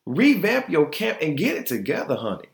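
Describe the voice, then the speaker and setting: A man's voice: measured pace, slight background noise. A man hosting his own podcast, giving an opinionated, exasperated casual monologue. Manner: animated, exasperated, swings pitch up high in mock disbelief. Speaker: podcast host. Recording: echoey room.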